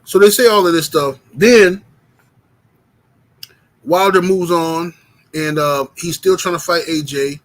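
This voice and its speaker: A man with a fairly high voice hosts a boxing livestream. He argues his case with emphasis, calls out names from the chat and keeps checking in with "right?". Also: unhurried, pauses often. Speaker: boxing commentary host. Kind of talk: livestream commentary with chat shout-outs.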